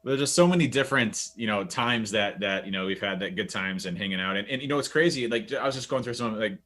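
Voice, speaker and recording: A man's voice: on the low side, quick pace, a bit bright. A man on a video call telling a story in a casual, amused way that rambles with many restarts. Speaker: guest.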